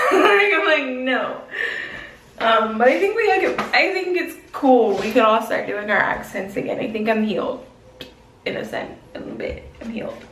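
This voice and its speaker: A woman's voice: on the high side, animated, normal speed, a bit bright, slight background noise. A young woman vlogging in casual, slangy chat, musing on her feelings and life. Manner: chatty, slangy, self-reflective. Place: gym. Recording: echoey room, mic at a distance.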